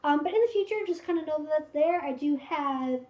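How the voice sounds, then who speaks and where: A woman's voice: high-pitched, a little fast, a little mellow. A woman hosting a casual livestream Q&A, giving frank, direct advice with lots of fillers. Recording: roomy, slightly dull stream audio.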